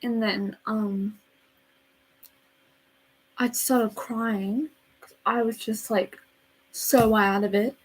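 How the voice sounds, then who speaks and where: A teenage girl chatting casually in a storytime vlog, rambling and dramatic, with quiet asides. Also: a little high, steady tone, extremely slow, pauses often, husky, poor audio. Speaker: vlogger.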